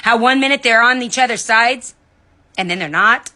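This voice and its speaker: Bright-voiced woman ranting angrily. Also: normal speed. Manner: heated, indignant, cussing, swings between loud outbursts and low muttering. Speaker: vlogger. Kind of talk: angry ranting monologue. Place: at home in bed.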